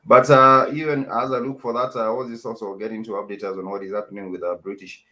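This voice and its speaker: A man's voice: on the low side, steady tone, quick pace, sharp tone. A man co-hosting a live talk show, speaking hesitantly with many filler sounds. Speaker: co-host.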